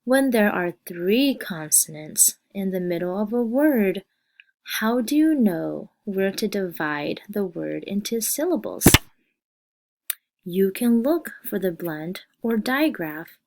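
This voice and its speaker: A woman teaching a phonics lesson, reading word lists slowly and deliberately and asking questions. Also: medium pitch, big pitch swings, darkish tone. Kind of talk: slow, scripted phonics lesson.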